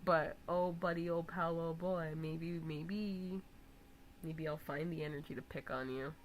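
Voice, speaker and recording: A young woman live streaming, chatting casually and teasing her viewers, breaking into loud laughs. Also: sits low, steady tone, unhurried, a little hiss or hum, poor audio.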